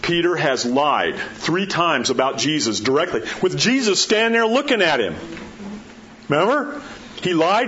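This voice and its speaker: A pastor giving a sermon in a conversational way, acting out the quotes and dropping his voice low to drive points home. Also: very animated, a little slow, fairly bright tone. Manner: conversational preaching, acts out quotes, drops low for emphasis. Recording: dull muffled sound with faint background hiss.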